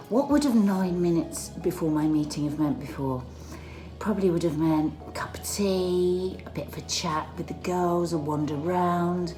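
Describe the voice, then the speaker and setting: A middle-aged woman vlogging casually from her dressing room at work, chatty and excitable, out of breath. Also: on the low side. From England. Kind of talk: casual vlog monologue.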